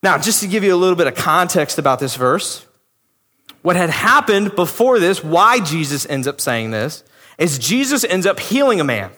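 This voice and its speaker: A man's voice: sits high, sing-song, normal speed, bright, forceful tone. A man preaching a sermon in a conversational, emphatic way, acting out the voices he quotes. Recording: long hall reverb.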